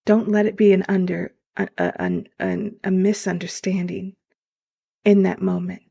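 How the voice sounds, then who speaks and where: A woman's voice: lowish voice, lively intonation, normal speed, vocal fry, warm tone, husky. A woman hosting a motivational podcast as a life coach, talking earnestly and straight to her listeners. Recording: dull lo-fi sound.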